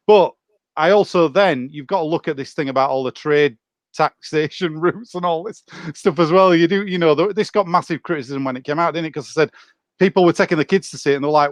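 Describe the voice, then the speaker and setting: A man's voice: a little high, no room sound. A man, a podcast co-host in casual chat, rambling and hedging.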